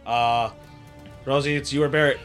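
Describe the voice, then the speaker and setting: Bright-voiced man running a tabletop game. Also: mid-range voice, fairly even intonation, normal speed, soft background music. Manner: casual, narrating and ruling with fillers. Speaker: game master.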